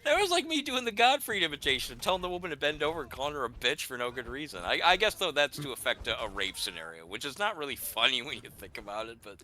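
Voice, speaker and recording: A man's voice: medium pitch, sing-song, fast, hardly any pauses, pushed and bright. A man in casual gaming chat, rambling through stories with lots of fillers and restarts.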